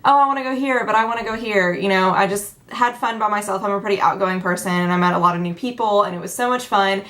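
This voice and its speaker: A woman's voice: fast, fairly bright tone. Bubbly chatty young woman vlogger. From Tennessee. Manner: bubbly, chatty, acts out quotes with big pitch jumps. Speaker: beauty vlogger. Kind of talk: casual chat to camera.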